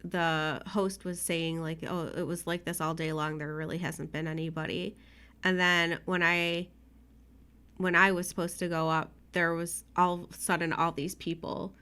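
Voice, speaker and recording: A woman's voice: lowish voice, flat delivery, normal speed, pushed and bright, smooth. A young woman co-hosting a casual podcast chat, emotional and teary, often laughing. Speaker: podcast co-host.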